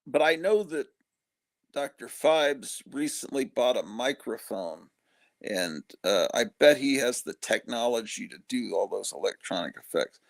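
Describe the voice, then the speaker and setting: A man's voice: medium pitch, animated, unhurried, gravelly, no echo. A middle-aged man hosting a casual chat show, tired, rambling and joking as he talks. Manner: rambling, joking, self-interrupting. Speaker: host.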